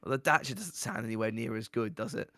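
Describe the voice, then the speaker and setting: A man's voice: mid-range voice, animated, quick pace, gravelly, bright, forceful tone, no echo, clean studio sound. A man co-hosting a live stream in casual chat, easygoing, wry and giggly. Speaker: stream co-host.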